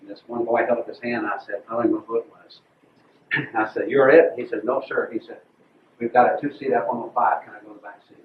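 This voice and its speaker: A man's voice: mid-range voice, little pitch movement, quick pace. Older man telling war stories. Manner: dry, blunt anecdotal storytelling. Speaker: retired Air Force colonel recounting a mission. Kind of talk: storytelling talk to a squadron. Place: large room with an audience. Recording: distant, roomy, phone-like with faint noise.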